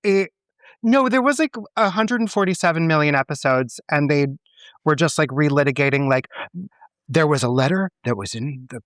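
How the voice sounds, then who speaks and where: A man's voice: fairly high pitch, expressive, moderate pace, a bit bright, no room sound. A man co-hosting a podcast in casual chat, ranting bluntly and swearing often. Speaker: podcast co-host; teacher.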